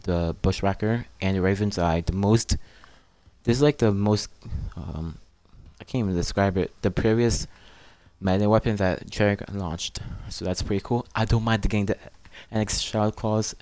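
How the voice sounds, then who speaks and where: A man with a lowish voice gives casual game commentary for his channel. He is eager and pleading and keeps turning to his viewers as "guys". The sound is dry and close, with no room around it. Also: steady tone, moderate pace, darkish tone, no echo. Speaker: gaming channel host.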